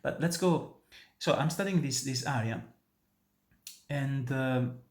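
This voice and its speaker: Taking it slowly in a mid-range voice with a darkish tone, a man from Italy explains an opera aria to students. He's a native Italian speaker with an Italian accent, an opera tenor and voice teacher, earnest and emphatic, and he often restarts his sentences in this instructional talk on singing.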